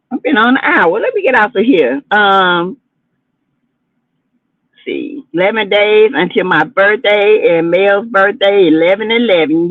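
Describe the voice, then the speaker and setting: A woman's voice: medium pitch, dry recording. Sassy woman gossiping on a livestream. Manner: sassy, chatty, dramatic asides. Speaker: livestream host. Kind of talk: casual gossip commentary livestream. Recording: tinny phone-like audio.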